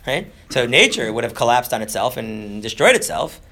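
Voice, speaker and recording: A man giving an informal Torah lesson, rambling with fillers and restarts, mixing in Hebrew terms and slipping into quick comic voices for characters. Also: medium pitch, big pitch swings, bright, forceful tone. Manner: mixes Hebrew terms into English. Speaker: Torah teacher. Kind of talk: informal lecture.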